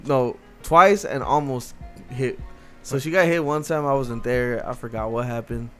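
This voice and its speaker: A man's voice: mid-range voice, measured pace, soft background music. A young man co-hosting a podcast, telling stories in loose, profane casual chat. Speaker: podcast co-host.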